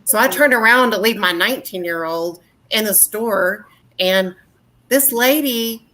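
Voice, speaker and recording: A woman, co-hosting a podcast and telling stories in an indignant, animated way. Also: medium pitch, a little slow. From West Texas. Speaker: podcast co-host. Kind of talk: casual chat.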